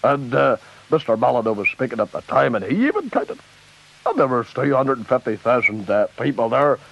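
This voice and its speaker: A man's voice: medium pitch, big pitch swings, a little fast, creaky. A man with a Northern Irish accent doing a comic impression of a ranting, foul-mouthed loyalist preacher-politician. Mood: boastful. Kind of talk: comic radio sketch impression. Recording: dull lo-fi tape with faint hiss.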